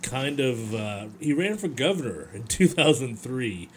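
A man's voice: medium pitch, sing-song, measured pace, a little hiss or hum. A man hosting a podcast, asking probing, leading questions in a casual conversational way. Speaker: podcast host. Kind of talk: casual interview chat.

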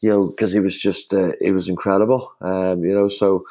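A man speaks in a low, mellow voice. He is a former player recalling his club days in casual conversation. He rambles and restarts often, leaning on "you know.". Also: little pitch movement, brisk. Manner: rambling with many fillers and restarts. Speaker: former footballer guest. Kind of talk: casual podcast chat.

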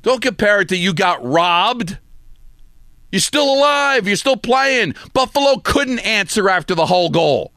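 A man's voice: sits high, lively intonation, a little slow, bright, forceful tone, dry recording, clean studio sound. A man hosting sports talk, delivering an emphatic, scolding rant full of repetition. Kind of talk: opinionated sports radio rant.

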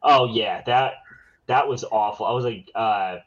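A man's voice: lowish voice, measured pace. A man co-hosting a sports podcast, dropping dry, sarcastic quips in casual chat. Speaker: podcast co-host. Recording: dull lo-fi sound.

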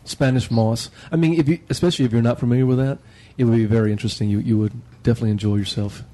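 A man chatting as a guest on a podcast roundtable, telling a relaxed, rambling story about a day out. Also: medium pitch, very fast. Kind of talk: casual roundtable chat.

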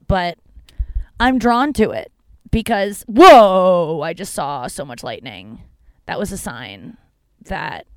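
A woman's voice: fairly low pitch, smooth, dry recording. Chatty woman rambling in her car. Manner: chatty, profane, self-deprecating tangents. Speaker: podcast host. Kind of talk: casual rambling monologue.

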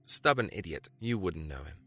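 A man's voice: low-pitched, lively intonation, normal speed, breathy edge, faint music behind, full character voice. Man voicing a teasing witty young wife. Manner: teasing, wry, softly spoken.

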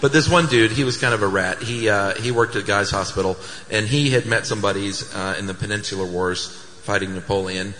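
Low-voiced man hosting live on stage. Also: a little fast, few pauses, a little hiss or hum. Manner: chatty, animated storytelling with laughs. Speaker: podcast co-host. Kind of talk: live stage podcast, casual storytelling. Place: theater stage before a live audience. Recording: live hall with long reverb.

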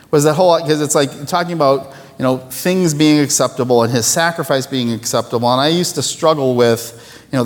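A male pastor preaching a sermon in a lively, conversational way, poking fun at himself and acting out little voices. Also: medium pitch, in a large hall.

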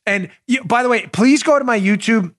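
A man hosting a political commentary show, animated and sarcastic with wisecracks. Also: extremely high pitch, moderate pace, dry recording, clean studio sound. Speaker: host.

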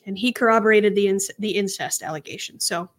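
A woman with a middle-pitched voice, walking through details of a crime case for her co-host. She speaks casually and pauses now and then with small hesitations. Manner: relaxed recounting, some hesitations. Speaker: podcast co-host. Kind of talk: casual true crime discussion.

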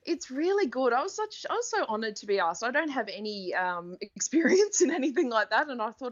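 A woman's voice: fairly high pitch, big pitch swings, brisk, hardly any pauses, muffled recording. A woman who hosts sports TV, chatting as a podcast guest and telling stories with frequent laughter. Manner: chatty storyteller, laughs often. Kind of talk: casual chat.

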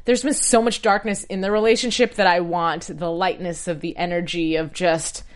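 A woman's voice: on the low side, fairly even intonation, normal speed. A woman hosting a casual TV recap podcast, chatty and playful, wandering off into jokey tangents. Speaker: podcast host.

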